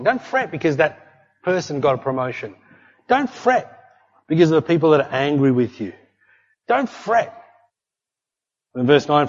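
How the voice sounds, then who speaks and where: Emphatic preacher in a reverberant hall. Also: male voice, a little high, darkish tone. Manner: emphatic preaching with repeated "hey" and "don't fret". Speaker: pastor. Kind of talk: sermon. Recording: long hall reverb, dull lo-fi sound.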